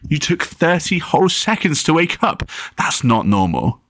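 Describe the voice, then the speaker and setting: A man voicing a clingy, dramatic little boy with a squeaky, whining voice in a storybook reading. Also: sing-song, moderate pace, a bit bright, no echo, studio quality, heavily acted. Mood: fretful.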